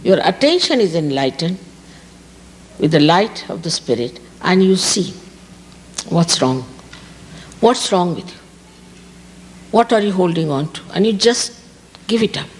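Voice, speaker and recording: A woman's voice: on the low side, sing-song, measured pace, long pauses. A woman from India with an Indian accent, giving a public spiritual talk and repeating key words for emphasis. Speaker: spiritual teacher. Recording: reverberant hall, faint background hiss.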